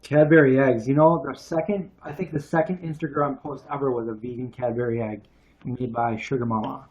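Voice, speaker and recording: A man's voice: medium pitch, fairly even intonation, a little fast, darkish tone. A man co-hosting a casual livestream, telling rambling stories with restarts and asides. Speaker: co-host of vegan cooking livestream. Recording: dull lo-fi stream audio.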